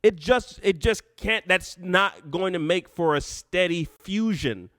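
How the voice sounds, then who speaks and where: A high, bright-voiced man hosts a live call-in show, talking fast and animatedly and breaking off to laugh. The sound is close and dry, with no room echo. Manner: animated, laughs often, talks over himself.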